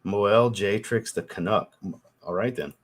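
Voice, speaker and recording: A man's voice: lowish voice, measured pace. Profane, loose man on a livestream. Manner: loose and profane, swears often. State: getting over a cold, occasional coughs. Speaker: fragrance livestream host. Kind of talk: casual livestream chat reading comments.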